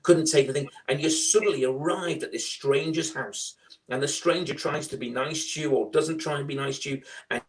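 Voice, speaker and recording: A middle-aged man with a Liverpool accent telling his fostering story in a loud, chatty, animated way. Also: fairly high pitch, brisk. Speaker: foster carer guest. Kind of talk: casual storytelling.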